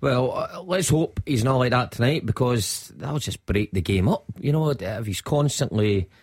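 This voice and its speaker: Husky laid-back pundit. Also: male voice, mid-range voice, lively intonation, normal speed, a little mellow. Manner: laid-back, easily amused. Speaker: football pundit. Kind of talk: casual radio banter.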